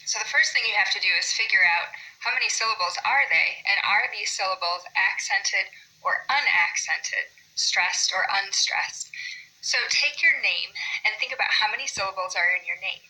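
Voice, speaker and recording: Very bright-voiced woman teaching a poetry lesson. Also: mid-range voice, poor audio. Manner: explains patiently, says example names slowly with stress.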